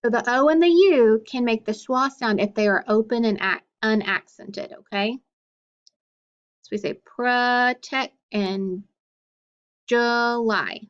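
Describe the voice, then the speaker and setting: A woman's voice: on the high side, normal speed, muffled recording. A woman teacher giving a phonics lesson to young students, patient and questioning as she sounds out words.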